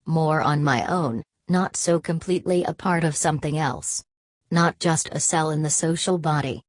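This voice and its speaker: A brooding, discontented young man, voiced by a woman narrator speaks low and earnestly, as if searching for words. The sound is dry and close, with no room around it. It is a plain storybook reading. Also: normal speed, no room sound.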